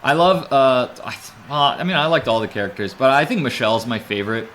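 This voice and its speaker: A man streaming a video game, talking casually and rambling, then bursting into loud excited shouts during play. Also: mid-range voice, a little fast, a little hiss or hum. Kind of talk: casual live gameplay commentary.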